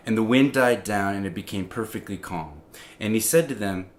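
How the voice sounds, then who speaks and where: A man giving an informal, conversational sermon, full of restarts and fillers, growing animated as he tells the story. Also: lowish voice, normal speed, slight background noise. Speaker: preacher.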